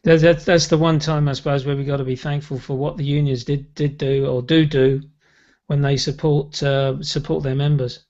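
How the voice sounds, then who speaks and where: A man hosts an interview podcast and speaks in a fairly high, gravelly voice. He talks haltingly, repeating words as he encourages his guest. The recording sounds slightly dull. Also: level tone, a little mellow. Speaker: podcast host. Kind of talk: interview chat.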